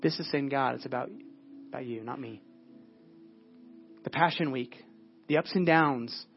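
A man preaching a sermon at a church service in an earnest way, often dropping to a hushed, prayerful tone. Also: mid-range voice, unhurried, creaky, muffled recording, faint music behind. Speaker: pastor.

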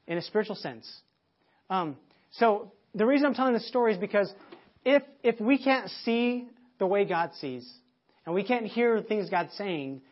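A man preaching a sermon, telling a family story with many restarts and repeated words, and getting loud when he acts out shouting. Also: high-pitched, dull audio. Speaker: pastor.

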